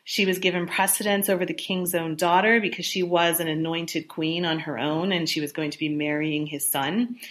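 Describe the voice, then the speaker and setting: A woman's voice: on the low side, a bit bright. A woman explaining history in a casual, conversational way, with fillers and self-corrections. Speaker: history presenter.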